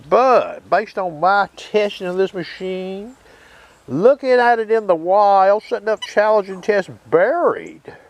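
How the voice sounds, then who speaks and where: On a low-quality recording, a man with a high voice runs a metal detecting video, demonstrating his machine while loud detector tones sound in the background. His manner is folksy, and he keeps checking in with the people watching.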